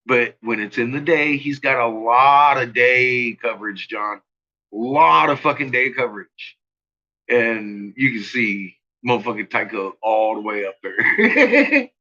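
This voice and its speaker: A man's voice: medium pitch, expressive, measured pace, pushed and bright, dull audio. A man hosting a casual livestream chat, rambling, swearing freely and laughing often. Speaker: channel host.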